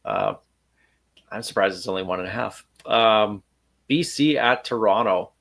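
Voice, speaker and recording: A man's voice: on the low side, measured pace, vocal fry, a bit bright. A man hosting a sports podcast, chatting casually and thinking aloud with fillers. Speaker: podcast host.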